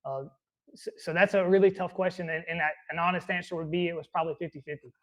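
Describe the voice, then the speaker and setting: A man's voice: a little high, steady tone, fast, poor audio. A man who is a fire captain, answering interview questions earnestly and reflectively, with many restarts. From American South.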